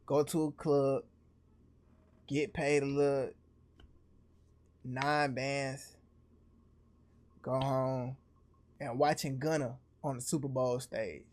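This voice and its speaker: A man with a slight Atlanta accent giving casual, slangy reaction commentary as a streamer, full of quick restarts. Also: mid-range voice. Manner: animated, slangy, fast restarts.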